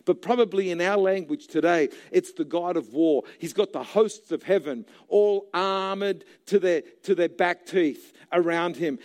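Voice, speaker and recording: A man preaching a sermon in church, impassioned and building to shouts at the climaxes. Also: on the high side. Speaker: pastor.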